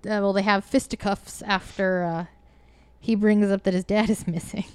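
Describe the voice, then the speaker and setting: A woman's voice: medium pitch, fairly even intonation, normal speed, clean tone, no room sound. A woman co-hosting a casual movie review podcast, chatty and quoting her own reactions. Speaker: podcast co-host.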